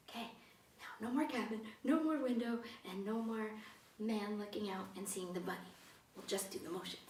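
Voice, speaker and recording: A woman's voice: medium pitch, moderate pace, a little mellow. A woman leading a storytime for toddlers as a children's librarian, talking in a playful, sing-song way to small children. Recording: roomy sound from a distance with faint noise.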